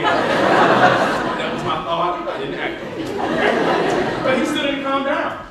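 A man with a Southern US accent tells a story from his classroom and acts out every quoted line with big swings in his voice. His voice sits high for a man. The talk was recorded in a large, booming hall from some distance away, with a noisy room behind it. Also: a little slow, over a noisy crowd. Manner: animated, acts out quotes with big pitch jumps. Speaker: elementary school teacher, guest speaker. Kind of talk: storytelling speech to an audience. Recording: echoey hall recording from far off.

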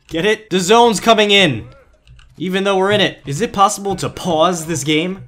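A young man giving goofy, pun-filled gameplay commentary as a gaming YouTuber, often jumping to excited yelps. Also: a little high, normal speed, soft background music.

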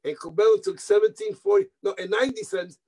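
An older man from New York, an interview guest telling animated stories, repeating words, mixing in Spanish phrases and acting out the voices of people he quotes. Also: high voice, fast, low-quality recording. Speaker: guest musician. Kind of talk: anecdotal interview storytelling.

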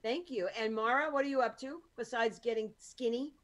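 A woman podcast host chatting casually over a video call, rambling through quick anecdotes. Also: a little high. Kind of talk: casual chat.

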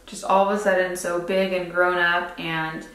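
A woman's voice: fairly low pitch, flat delivery, normal speed, fairly bright tone. Chatty young woman in an echoey room. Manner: chatty, rambling, lots of "like" and "um". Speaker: beauty vlogger. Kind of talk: casual makeup tutorial chat. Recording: roomy echo.

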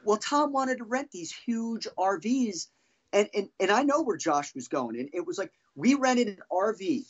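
A man's voice: high voice, sing-song, normal speed, lo-fi sound. A middle-aged man, a former band drummer, telling heated, profane stories as a podcast guest. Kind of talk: casual storytelling.

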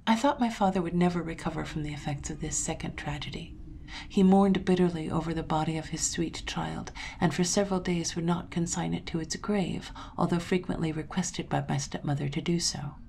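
A woman reading a gothic tale aloud in a measured, dramatic way, dropping to a hush at moments. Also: low voice, steady tone, gravelly, a little hiss or hum. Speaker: storyteller. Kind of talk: scripted narration of a gothic tale.

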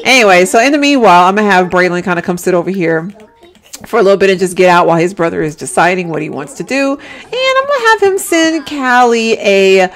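Chatty woman with lively, animated pitch. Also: quick pace. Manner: chatty, giggly, talks to viewers. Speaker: game commentator. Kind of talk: let's-play commentary.

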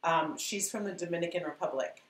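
A woman's voice: on the low side, a little fast, roomy sound, slight background noise, poor audio. A woman teaching a live painting class, chatty and encouraging as she talks to her viewers. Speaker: art instructor.

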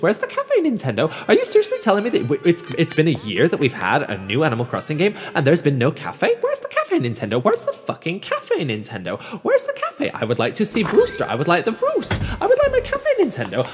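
A man hosting a let's play, commenting in a sweary, animated way. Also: on the high side. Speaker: gaming channel host. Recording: roomy reverb with game music behind.

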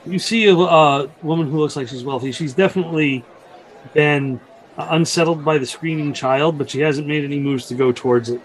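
A man narrating a tabletop game as game master, describing scenes and calling for rolls with frequent pauses. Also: on the high side, a little hiss or hum, low-quality recording. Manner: descriptive, halting with fillers.

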